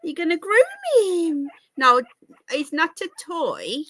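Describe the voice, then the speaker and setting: A woman's voice: high voice, lively intonation, takes it slowly, a bit bright, no echo, studio quality. A woman hosting a casual live stream, talking to her pets in cooing baby talk. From United Kingdom. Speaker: livestream host.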